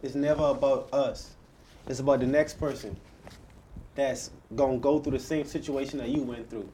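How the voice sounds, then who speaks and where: Male interview host, mellow tone, encouraging and repetitive. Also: mid-range voice, steady tone, normal speed, a little hiss or hum. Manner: encouraging, repeats phrases for emphasis.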